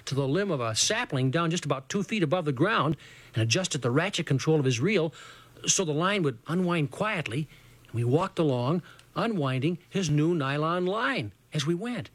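Man reading a story, a bit higher voice. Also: lively intonation, normal speed, no echo. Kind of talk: reading a first-person adventure story.

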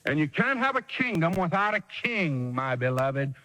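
A man's voice: a little high, very animated, moderate pace, pushed and bright, big-room sound, poor audio. A man preacher delivering a sermon in an emphatic, dramatic way with sudden swings in delivery.

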